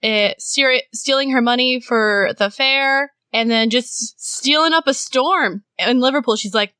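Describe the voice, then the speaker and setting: Bright-voiced bubbly woman podcast host. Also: a little high, measured pace, few pauses, clean tone, no echo, clean studio sound. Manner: bubbly, jokey, laughs often. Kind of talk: casual true crime chat.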